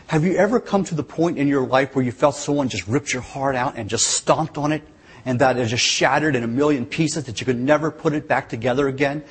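A man's voice: mid-range voice, fairly quick, husky. A man preaching a sermon, telling the story earnestly and dramatically, with changing emphasis.

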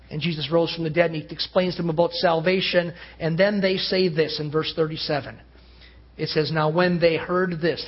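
A male pastor preaching a sermon to a congregation, his delivery rising to loud emphasis and dropping to hushed tones. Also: high voice, husky. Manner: earnest preaching that swells loud and drops to hushed. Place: church. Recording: dull lo-fi sound.

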